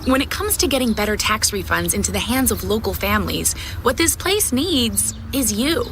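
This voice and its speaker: A cheerful neighborhood volunteer chats up passersby in a radio ad, voiced by a woman. Her voice sits a bit high and swings lively up and down. Faint outdoor noise from passing traffic hangs behind her. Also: normal speed, close to an everyday voice. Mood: earnest. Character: friendly woman volunteer asking neighbors questions. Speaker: volunteer in a public service ad. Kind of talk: scripted radio ad.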